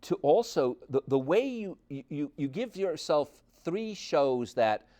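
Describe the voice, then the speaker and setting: A male talk show host asks his questions in a halting way. He stops and restarts often while he looks for the right words. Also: fairly high pitch, very animated, dark tone. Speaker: interviewer host.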